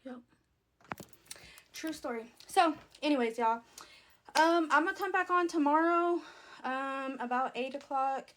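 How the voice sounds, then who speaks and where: A young woman with a drawl hosts a casual livestream from her phone. Her voice sits a touch high, and her chatty talk is full of fillers and relaxed Southern phrasing as she answers viewers. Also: a little slow, pauses often. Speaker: livestream host. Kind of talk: casual live stream chat.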